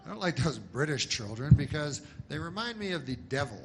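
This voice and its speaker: Deadpan rambling male comedian. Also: fairly high pitch, very noisy. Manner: deadpan, halting, full of false starts. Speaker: stand-up comedian. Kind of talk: rambling stand-up set.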